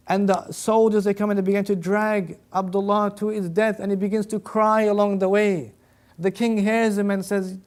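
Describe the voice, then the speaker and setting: A man's voice: high voice, little pitch movement, moderate pace. A man giving an Islamic sermon, earnestly retelling stories with quoted dialogue. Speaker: Islamic lecturer. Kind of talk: sermon with storytelling.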